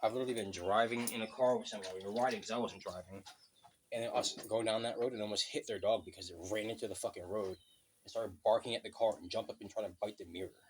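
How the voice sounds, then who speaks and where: A man's voice: fairly low pitch, steady tone, fast talker, a little hiss or hum. A man in a casual vlog rant, telling stories bluntly and swearing a lot, outdoors by a road. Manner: profane, blunt, storytelling. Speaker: vlogger.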